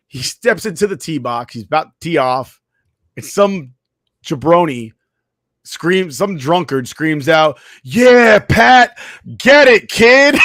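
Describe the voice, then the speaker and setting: A man co-hosting a sports podcast, telling animated stories in casual chat and swearing freely. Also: medium pitch, dry recording, studio quality. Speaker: podcast co-host.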